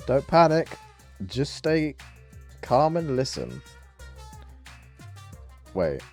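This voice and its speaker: A man's voice: medium pitch, huge pitch swings, extremely slow, a little mellow. A man with a southern English accent chatting casually and bantering with mock indignation on a gaming livestream. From southern England. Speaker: streamer. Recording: dry close mic with faint game music.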